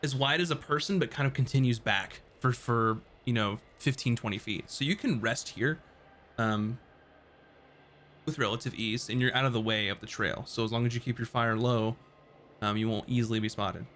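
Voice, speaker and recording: A man's voice: medium pitch, normal speed, a little hiss or hum. Laid-back man narrating as game master. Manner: relaxed, rambling descriptions with many fillers.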